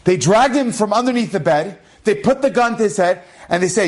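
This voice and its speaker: Animated rabbi telling a story. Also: male voice, high voice, fairly quick. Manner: animated, dramatic. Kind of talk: storytelling talk.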